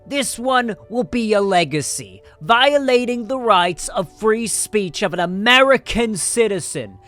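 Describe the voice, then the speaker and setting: A man's voice: high-pitched, animated, faint music behind, pitched above the performer's own voice, exaggerated voice. A man doing an impression of a ranting older male politician in a shaky, put-on New York accent, drawn out and indignant. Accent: New York, put on and drifting. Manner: loud, drawn-out, wavering fake accent.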